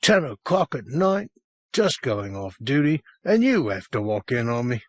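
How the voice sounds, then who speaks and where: A man's voice: medium pitch, big pitch swings, a little slow, no echo, pitched above the performer's own voice. A man reading an audiobook, playing a big, tired police sergeant who talks with dry, patient teasing. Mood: weary.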